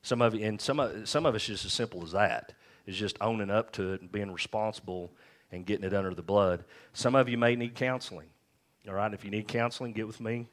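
A man's voice: on the low side, brisk. A male pastor preaching a sermon in a conversational way, often checking in with the congregation. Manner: conversational preaching, frequent "all right?" check-ins.

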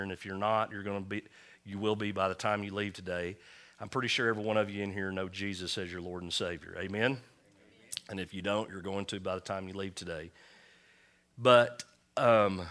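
Bright-voiced male pastor, conversational. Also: fairly low pitch. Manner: conversational, rallies the congregation with call-and-response. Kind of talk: sermon. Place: church.

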